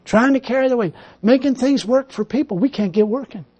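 A man's voice: extremely high pitch, a little fast, a little mellow, slightly rough, lo-fi sound. A man pastor preaching and praying in a folksy way, repeating phrases and punctuating them with hallelujah. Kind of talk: sermon and spoken prayer.

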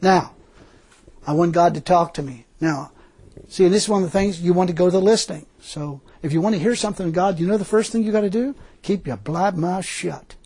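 Folksy older male preacher, high-pitched and husky, laughs a lot between points. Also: fairly quick, a little mellow. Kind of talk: informal sermon.

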